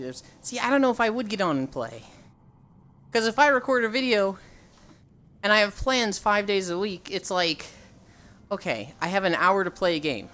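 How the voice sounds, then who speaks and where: Young streamer rambling to chat on a desk mic, swears a lot, faint music behind, mid pitch. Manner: relaxed, rambling, swears freely, answers chat. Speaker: livestreamer chatting with viewers. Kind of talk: casual live-stream chat.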